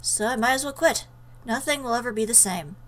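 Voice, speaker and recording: A woman's voice: a little high, fairly quick, a bit bright. A woman voicing a grieving, theatrical young male student in a visual novel, speaking in a dejected, melodramatic way.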